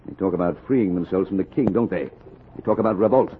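An actor playing a stern British naval captain who threatens a ship's crew, in old radio drama acting. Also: male voice, low-pitched, fast, a little hiss or hum, close to an everyday voice. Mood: threatening. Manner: cold, threatening. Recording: tinny lo-fi old radio recording.

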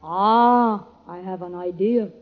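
A woman's voice: mid-range voice, slow. A woman hosting a 1940s radio comedy sketch, playing a theatrical sweetheart straight. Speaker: radio show host. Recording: dull old radio broadcast with music.

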